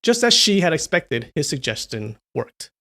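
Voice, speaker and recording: A man reads a novel aloud on a livestream and breaks off to chat casually with viewers. His voice is slightly high and relaxed, easygoing between passages. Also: normal speed. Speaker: livestream storyteller.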